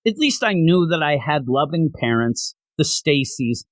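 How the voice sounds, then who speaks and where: An earnest young heroine gushes her thanks in a bright, grateful rush, as a man reads her out on a comics podcast. The voice rises and falls with lively inflection. The sound is close and dry. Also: on the high side, measured pace, no room sound. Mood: relieved. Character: relieved young woman hero, earnest.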